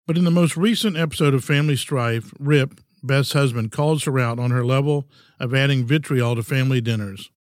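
A man in his sixties hosting a podcast, giving an earnest, measured, folksy reflective monologue. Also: medium pitch, no room sound, studio quality. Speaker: podcast host.

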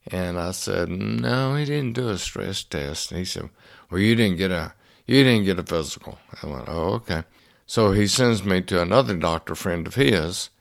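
A man, telling a personal story in a folksy, homespun, unhurried way as a motivational speaker. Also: low-pitched, creaky. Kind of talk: storytelling talk.

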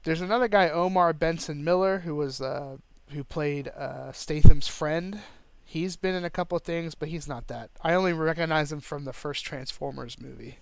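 A man with a fairly high, smooth and resonant voice, talking casually about films with a co-host. He is relaxed and jokey and leans on fillers. The sound is dry and close. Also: moderate pace, no echo. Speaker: podcast co-host. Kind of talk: casual movie chat.

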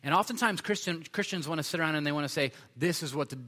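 A man's voice: fairly high pitch, quick pace, bright, forceful tone, big-room sound. A man preaching a sermon in a conversational way, with frequent fillers and restarts.

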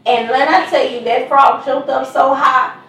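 High-voiced woman in an echoey room. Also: moderate pace, creaky, distant mic. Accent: Kansas City, Missouri. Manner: animated storyteller who acts out quotes and laughs often. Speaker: mother of the victim. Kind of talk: telling family stories in an interview.

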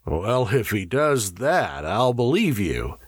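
A man's voice: on the low side, big pitch swings, takes it slowly, husky, no echo, clean studio sound, exaggerated voice. A man voicing a skeptical, blunt crewman who questions everything.

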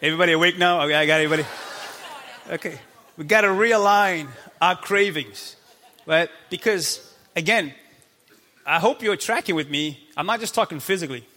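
High, bright-voiced energetic preacher man. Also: brisk. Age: 30s. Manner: energetic, playful, acts out God's voice. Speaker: pastor. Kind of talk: sermon. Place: church sanctuary. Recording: long hall reverb.

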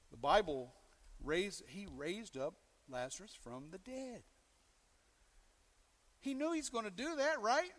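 A man preaching with a high, bright voice that rings out in a long, echoey hall reverb. His delivery is animated, rising sharply in pitch and volume to make a point, then pulling back, with frequent questions tossed to the congregation. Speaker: pastor. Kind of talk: sermon.

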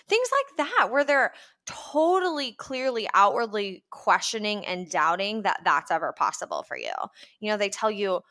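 Young woman, podcast host, chatty and upbeat, bright forceful voice, acts out quotes. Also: medium pitch, very animated, normal speed. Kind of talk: casual podcast monologue.

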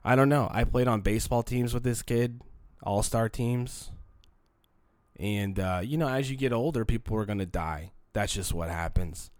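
A man's voice: lowish voice, moderate pace, a little mellow, dry recording. A young man hosting a solo podcast, sick with a cold, talking in a rambling, candid, profane and emotional way. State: sick with a cold, congested and coughing. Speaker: podcast host.

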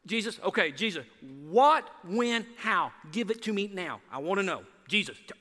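A man preaching a sermon as pastor, animated, acting out voices with rising emphasis. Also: high-pitched, moderate pace. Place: church sanctuary. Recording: long hall reverb.

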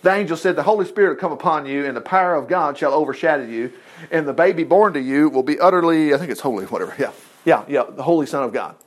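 A man's voice: a little high, expressive, fast talker. A man preaching a folksy sermon, acting out the Bible characters as he reads.

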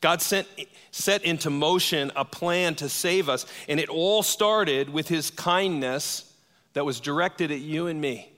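A man preaching a sermon, telling a story with lively energy and acting out the voices in it. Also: a little high. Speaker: pastor. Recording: long hall reverb.

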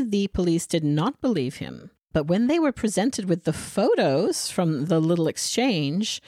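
Snarky woman on a true crime podcast, lowish voice, swears a lot, dry close mic. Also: darkish tone, no room sound. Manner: sarcastic, swears, acts out reactions. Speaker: podcast co-host.

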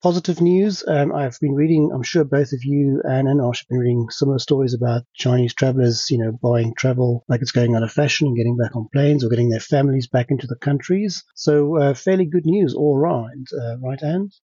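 A man's voice: medium pitch, fairly even intonation, fairly quick, hardly any pauses, warm tone, husky, dry recording, dull audio. A man hosting a casual panel discussion, talking in a chatty way and often correcting himself. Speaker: host.

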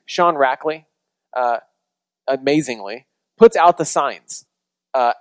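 A man's voice: medium pitch, no echo, poor audio. A man preaching a sermon as a pastor, telling a story in a conversational way with frequent restarts before leading into prayer.

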